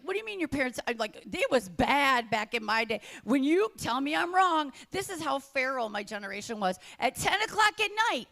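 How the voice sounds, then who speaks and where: A middle-aged woman doing stand-up comedy, telling stories with animated acted-out quotes. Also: high-pitched. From United States.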